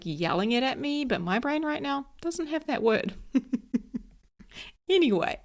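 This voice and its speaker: Chatty woman in her 30s doing a solo podcast, candid, laughs at herself. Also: medium pitch. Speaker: podcast host. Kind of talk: casual solo podcast talk.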